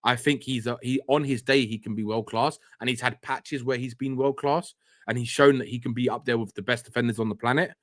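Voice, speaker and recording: A man talking as a guest on a fan call-in show, measured and hedging, often repeating himself. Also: mid-range voice, fairly even intonation, a bit bright, dry recording, clean studio sound. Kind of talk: casual fan call-in chat.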